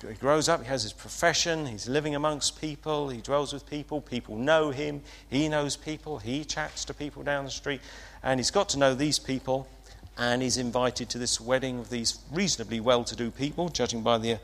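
A man's voice: mid-range voice, steady tone, normal speed, a bit bright. A man preaching an informal sermon, chatty and hesitant, with frequent fillers and restarts. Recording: long hall reverb.

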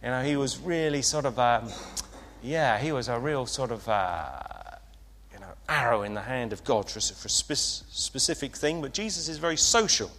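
A man's voice: mid-range voice, animated, normal speed, fairly bright tone, slight background noise. A man preaching an informal sermon, chatty and hesitant, with frequent fillers and restarts. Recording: long hall reverb.

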